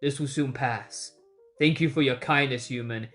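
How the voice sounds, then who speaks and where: A cold, haughty undersea prince who speaks gravely and formally, put on by a comic recapper in a mid-pitched voice. The lines come out lower and stiffer than the recapper's own talk. Soft music plays faintly underneath. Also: normal speed, lightly acted.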